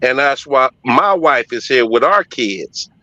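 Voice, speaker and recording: A man's voice: medium pitch, expressive, unhurried, bright, forceful tone, no room sound, highs cut off. A middle-aged man telling a heartfelt personal story on a podcast, emphatic and profane.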